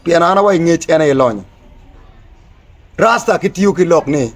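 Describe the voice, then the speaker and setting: A man giving a spoken lesson on word meanings, mixing English with another language and spelling words out slowly. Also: fairly high pitch, animated. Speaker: teacher of Rasta language.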